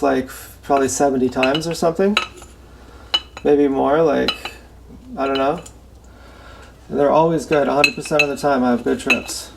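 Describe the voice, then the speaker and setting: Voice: medium pitch, creaky. A vlogger rambling through a casual, unsure, sighing monologue while washing dishes at home. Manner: unsure, sighing, halting delivery. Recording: loud kitchen noise from dishes and tap. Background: running tap and clattering dishes.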